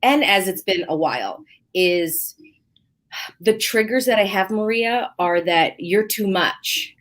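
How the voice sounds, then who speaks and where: A woman's voice: medium pitch, slow pace. A woman hosting a casual podcast, talking openly and expressively, acting out little quoted exchanges. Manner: open and expressive, acts out her own quotes. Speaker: podcast host.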